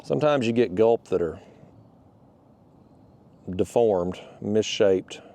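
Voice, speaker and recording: With a lowish, dark voice, lively intonation, and a slow pace, a man fishes from a kayak outdoors and talks casually for his vlog. He's a bit breathless, rambling and restarting in folksy language.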